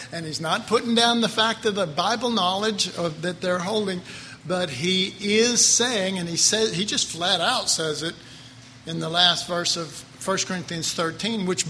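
A man's voice: high voice, bright, forceful tone. Guy preaching bible class, casual folksy style, bit of faint hiss, echoey hall. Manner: folksy, chuckling asides, conversational preaching. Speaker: Bible teacher. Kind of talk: sermon.

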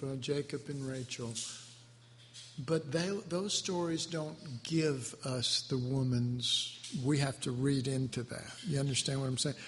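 A man giving devotional Bible teaching in a tender, halting, emotionally moved way. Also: mid-range voice, fairly bright tone. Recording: echoey hall with faint background noise.

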